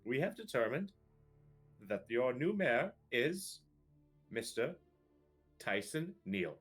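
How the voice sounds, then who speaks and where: A man's voice: mid-range voice, sing-song, slow pace, slightly rough, faint music behind, pitched above the performer's own voice, full character voice. A man voicing a fussy male official of the Crown who talks formally but stammers. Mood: pompous. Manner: hesitant, stammering formal speech.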